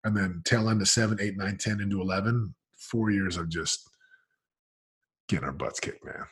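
Man, podcast guest, low voice, raspy and breathy, casual slang, emphatic storytelling. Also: moderate pace, a bit bright. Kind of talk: candid storytelling.

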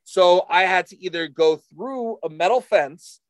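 Guy rambling thru a wild story, lotta fillers, slightly high voice, dry close mic. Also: unhurried, dry recording. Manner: rambling, animated, many fillers. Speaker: storyteller in a chat. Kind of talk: casual chat, storytelling.

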